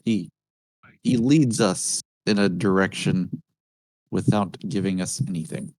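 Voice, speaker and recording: A man's voice: low-pitched, a little slow, a little mellow, no echo, poor audio. A man chatting casually as a trader, hesitant and thoughtful, often correcting himself. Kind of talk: casual chat.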